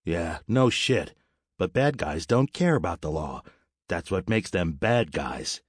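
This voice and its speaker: A man's voice: deep voice, expressive, unhurried, husky, dry recording, clean studio sound, exaggerated voice. A man playing a cocky, smirking smuggler. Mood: mocking. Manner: mocking, smirking. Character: cocky, reckless male smuggler.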